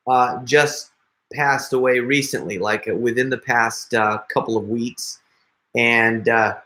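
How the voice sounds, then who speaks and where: Hosting a live stream, this middle-aged prank video creator chats easily with his viewers, cracking jokes and laughing often. His voice sits at a medium pitch with a fairly bright tone.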